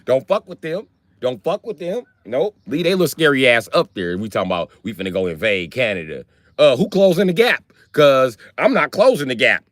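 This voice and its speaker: An American man rants on a live stream, loud and full of swearing. His pitch swings widely as he gets worked up, and the sound is dry and close. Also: a little fast, dry recording. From United States. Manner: loud, swearing, animated ranting. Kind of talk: profane live-stream rant.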